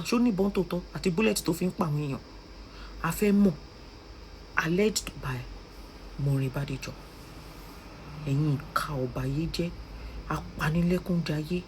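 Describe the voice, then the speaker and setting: A woman's voice: fairly low pitch, darkish tone, a little hiss or hum, poor audio. A young woman with a Nigerian Yoruba accent giving emotional vlog commentary, pleading and scolding by turns. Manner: impassioned, switching between pleading and scolding. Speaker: social media commentator.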